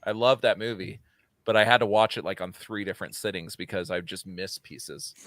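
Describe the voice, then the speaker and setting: A man's voice: sits low, steady tone, a little fast, fairly bright tone, no echo, clean studio sound. A middle-aged man co-hosting a podcast in casual chat, laughing often, swearing and bantering. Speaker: podcast co-host.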